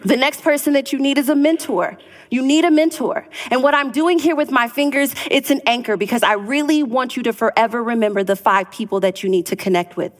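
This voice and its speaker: Woman doing a motivational talk, kinda high voice, tells stories and acts out the lines, big echoey hall. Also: fairly quick. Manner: animated storytelling, acting out dialogue. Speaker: inspirational speaker. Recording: reverberant hall.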